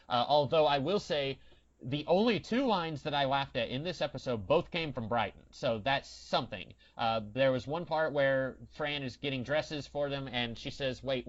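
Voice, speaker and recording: A man's voice: medium pitch, moderate pace. A man co-hosting a podcast in casual chat, with a dry, wry and rambling way of talking. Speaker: podcast co-host. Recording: dull lo-fi sound.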